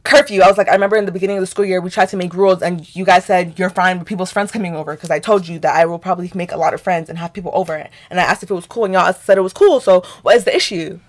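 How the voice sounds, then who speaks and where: Young woman, animated and profane. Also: lowish voice, racing, hardly any pauses. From Nigeria. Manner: animated, profane, acts out quotes of both sides. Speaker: podcast co-host. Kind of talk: casual storytelling chat.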